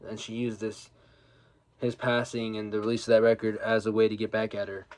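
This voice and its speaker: A young record-collector vlogger chats casually about his vinyl haul in a lowish, darkish voice, delivered completely flat and a little fast. He tells rambling stories and swears freely while grieving a late friend.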